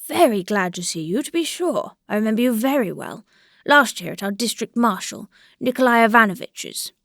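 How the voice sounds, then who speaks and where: A woman voices an old, grey-whiskered country landowner, measured, reflective and mildly complaining. Her voice is a little high, expressive and fairly bright, with vocal fry. The recording is dry, with no room sound.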